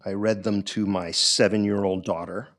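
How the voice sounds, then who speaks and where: A middle-aged man, an author, speaking to an audience at a bookstore event in a reflective, halting way, with frequent ums and restarts. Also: lowish voice, fairly even intonation.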